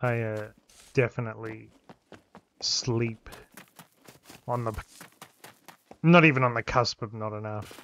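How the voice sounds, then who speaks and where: A man's voice: medium pitch, steady tone, slow, creaky, long pauses, fairly bright tone, poor audio. A man streaming a survival game, chatting casually and joking, often trailing off mid-sentence, with faint noise behind. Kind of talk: casual gaming chat.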